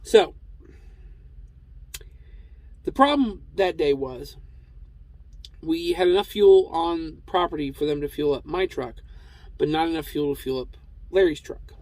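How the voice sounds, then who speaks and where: Trucker guy rambling through a story, lots of ums, a bit high-voiced, dry sound. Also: moderate pace, darkish tone, dry recording, low-quality recording. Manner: rambling, with many fillers and restarts. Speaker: truck driver and vlogger. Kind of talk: casual storytelling.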